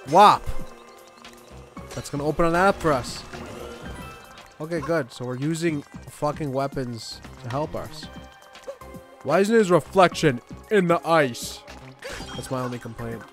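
Young guy doing let's play commentary, fairly high voice, cusses a lot, game music playing. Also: normal speed, pauses often. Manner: profane, excitable, jokey. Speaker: gaming YouTuber.

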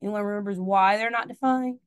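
A woman's voice: mid-range voice, steady tone, a little fast, smooth, lo-fi sound. A woman teaching a math class in a classroom, chatty, asking the students questions and correcting her own slips.

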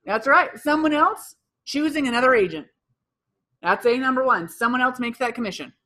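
High, bright-voiced energetic woman trainer. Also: moderate pace. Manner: energetic, quizzes the room and repeats answers back. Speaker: real estate sales trainer. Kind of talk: live workshop lesson with audience questions. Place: training room with live audience.

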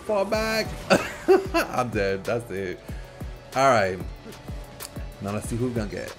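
Animated man trash-talking over gameplay. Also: mid-range voice, takes it slowly, soft background music. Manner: animated, playful trash talk with frequent laughter. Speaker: gaming channel host. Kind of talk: live gameplay commentary.

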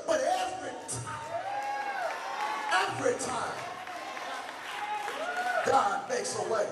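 A man pastor delivering an impassioned call-and-response sermon in a church, building to shouts. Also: extremely high pitch, background noise. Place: church sanctuary. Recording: echoey hall from far off, congregation audible. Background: congregation.

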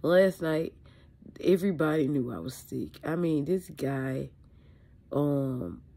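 Low, gravelly woman, sick and rambling. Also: takes it slowly, warm tone. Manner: candid and rambling, with frequent fillers and mild swearing. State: sick with allergies, sneezing. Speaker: beauty vlogger. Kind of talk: casual chat to camera. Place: indoors at home.

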